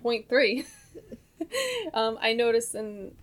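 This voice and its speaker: A woman's voice: a little high, little pitch movement, slow. A young woman from New Jersey with a light Jersey accent, co-hosting a podcast in casual, giggly chat. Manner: giggly, chatty, slips into voices. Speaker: podcast co-host.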